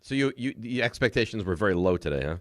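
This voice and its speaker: A man's voice: on the low side, lively intonation, fast, dry recording. A male sports radio host, grumpy and sarcastic, teasing his co-hosts in studio banter. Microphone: studio mic.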